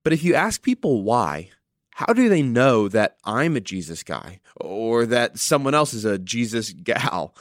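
A man's voice: medium pitch, sing-song, a little slow, dry recording, clean studio sound. A male pastor giving an earnest sermon, telling a story and reading scripture with dramatic emphasis.

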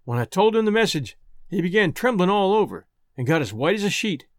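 A man's voice: high-pitched, sing-song, fairly quick, no room sound, clean studio sound. A man narrating a story in the first person with a folksy, rustic way of talking.

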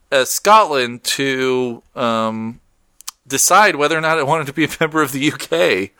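A man's voice: fairly high pitch, unhurried, sharp tone, clear, resonant tone, dry recording, clean studio sound. A man co-hosting a casual talk show, rambling and correcting himself as he goes. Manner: rambling, self-correcting, laughs often. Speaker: podcast co-host. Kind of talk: casual chat.

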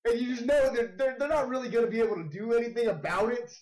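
High-voiced, teasing male co-host. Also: fast talker, crowd noise, low-quality recording. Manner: chatty, laughs easily, teasing. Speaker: podcast co-host. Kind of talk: casual podcast chat.

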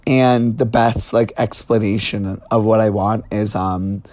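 A man's voice: on the low side, steady tone, a little slow, darkish tone, no room sound. Campy, chatty young man, dry sound. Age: 20s. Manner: chatty, campy and frank, lots of "like". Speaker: podcast guest. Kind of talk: casual podcast chat.

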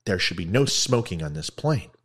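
A man's voice: deep voice, very animated, normal speed, a bit bright, slightly rough, full character voice. A man voicing a prim woman passenger who scolds a smoker in a joke he is telling. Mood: scolding. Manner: stern, scolding. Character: prim woman passenger protecting her dog.

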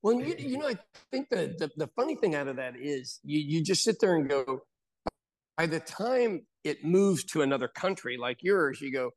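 An American man hosting a casual chat, an animated storyteller who mimics voices in his anecdotes. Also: fairly high pitch, moderate pace. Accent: General American. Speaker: podcast host.

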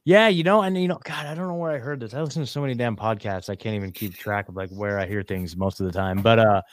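A man's voice: on the low side, fast, no echo. Rambling podcast host man, dry sound. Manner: rambling, with many fillers and rants. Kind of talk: casual podcast chat.

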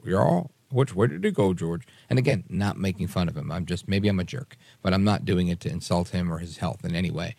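A man hosts a radio talk show in a low-pitched, slightly mellow voice with vocal fry and no echo. He delivers emphatic, opinionated political commentary, repeating phrases for emphasis.

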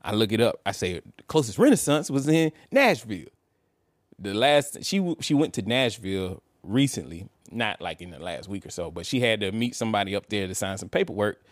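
A man's voice: on the low side, brisk, no room sound, studio quality. A man, co-hosting a podcast and telling a casual story, laughing and acting out what people said. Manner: animated, laughing, acts out quotes. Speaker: podcast co-host.

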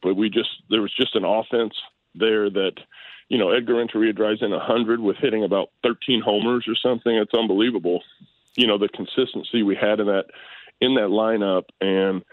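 Man on a tinny phone line, fairly low voice, relaxed and rambling, dry sound. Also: dry recording. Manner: relaxed, rambling with many restarts. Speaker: interview guest, retired baseball player. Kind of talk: casual phone interview.

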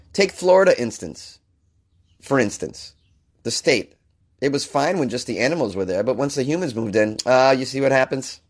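A man with a hoarse, sick-sounding voice hosts a comedic weird-news podcast. He riffs sarcastically on the stories, sounds exasperated, and breaks into disbelief. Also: mid-range voice. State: hoarse from illness. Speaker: podcast host.

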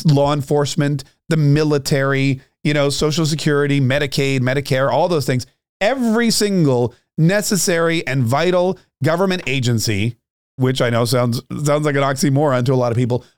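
Ranting sarcastic man, fairly high voice. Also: clear, resonant tone, no room sound, studio quality. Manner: ranting, sarcastic, repeats words. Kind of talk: political commentary monologue.

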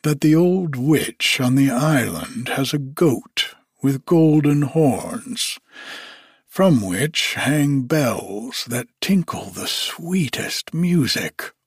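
Grand fairy-tale king done by a man, lowered voice, husky, very slow and stately. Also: animated, no echo, clean studio sound, exaggerated voice. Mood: musing. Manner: stately archaic speech, slow. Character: old-fashioned king, eager and grand. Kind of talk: storybook reading.

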